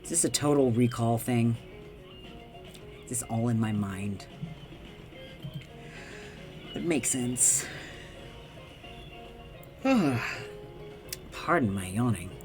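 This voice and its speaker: A male streamer tears through a game with profane, joking asides and talks straight back at the screen. His voice sits at a middle pitch, close to a desk mic. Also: measured pace, long pauses, faint music behind. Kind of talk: casual game commentary.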